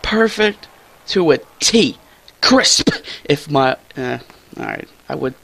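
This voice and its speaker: Young male gaming commentator, excitable and slangy, gravelly tone. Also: takes it slowly. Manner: excitable, slangy, jumps to high squeals when thrilled. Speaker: gaming YouTuber. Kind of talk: casual gameplay commentary.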